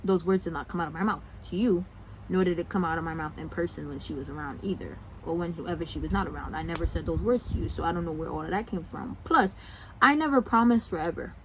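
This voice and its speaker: A man's voice: on the high side, fast, slight background noise, poor audio. A young man vlogging, venting about a breakup in a heated, sarcastic, profane way. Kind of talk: venting story-time vlog.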